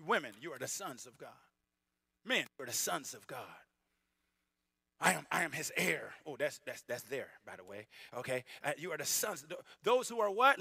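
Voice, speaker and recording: A middle-aged Southern US pastor preaching a sermon, moving from low, playful asides and acted-out everyday voices to shouted passages. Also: male voice, gravelly, breathy edge, no room sound, studio quality. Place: church sanctuary.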